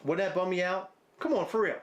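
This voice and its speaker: A man's voice: sits high, a little fast, lo-fi sound. A man co-hosting a podcast, rambling through crude, absurd hypotheticals with profane banter. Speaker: podcast co-host.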